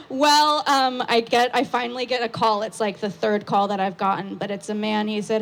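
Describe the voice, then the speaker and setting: High-voiced woman telling a story loudly. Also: moderate pace, gravelly, hardly any pauses. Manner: loud, excitable, talks with lots of fillers. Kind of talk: live storytelling on stage. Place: outdoor patio stage.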